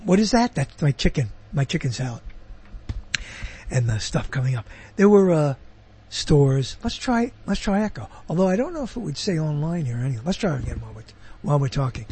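A man's voice: fairly high pitch, animated, a little fast, mellow, slightly rough. A man hosting a show, talking in a rambling, chatty monologue that keeps breaking off into asides. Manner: digressive, chatty, self-interrupting. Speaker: show host.

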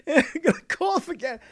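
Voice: mid-range voice, dry recording. A talk show host delivering a rambling live late-night monologue, full of chuckling asides.

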